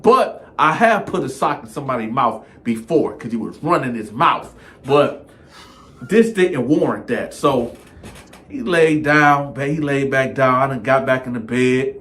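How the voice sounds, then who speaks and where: A man telling a comedic story in an animated way, jumping into the voices of the people in it. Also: medium pitch, a little slow.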